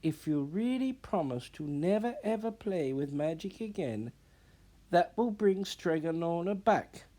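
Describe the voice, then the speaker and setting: Man reading a storybook doing a bossy clever little apprentice girl, warning voice, pitched up, slow. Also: lively intonation, dark tone. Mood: calm. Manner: stern and warning. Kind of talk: storybook read-aloud.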